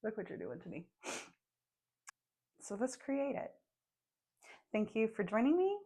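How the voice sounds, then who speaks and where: A young woman leads a guided meditation in a soft, unhurried voice. She is emotional and close to tears as she speaks. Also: on the high side, big pitch swings. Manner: soft, slow and tearful. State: emotional, crying.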